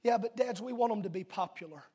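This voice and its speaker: Preaching in a church, a middle-aged man with a high, husky voice talks fast. He swings between emphatic shouted declarations and quiet, chatty asides to the congregation.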